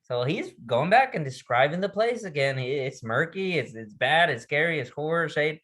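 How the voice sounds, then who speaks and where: A man's voice: a little high, expressive, a bit bright. A man giving a recorded resilience training lesson, talking casually with restarts and asking the listener questions. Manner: conversational, restarts words, reads poetry slowly and dramatically.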